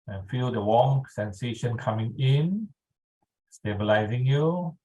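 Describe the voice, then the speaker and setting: Slow, calm man guiding a tapping session. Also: medium pitch, muffled recording. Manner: slow, calm instructional pacing with frequent "all right". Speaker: EFT tapping instructor. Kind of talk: guided tapping instruction.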